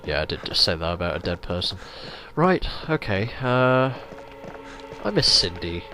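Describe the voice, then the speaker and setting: A man's voice: low voice, moderate pace. Chatty man commentating a game. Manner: chatty, rambling, lively swearing. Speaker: let's play host. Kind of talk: casual gameplay commentary. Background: game music.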